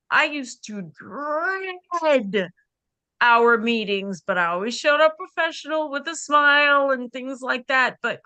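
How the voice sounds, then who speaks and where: A woman's voice: sits high, expressive, a little slow, bright, forceful tone, dry recording. A woman coach speaking candidly and conversationally in a women's support circle, on a video call. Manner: candid, conversational, frequent "you know" and "like".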